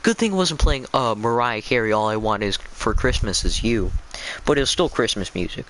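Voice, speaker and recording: A man's voice: medium pitch, animated, normal speed, fairly bright tone. A drowsy man on a casual stream, reading a book aloud and chatting, often stumbling over words and restarting. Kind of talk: casual live-stream storytelling.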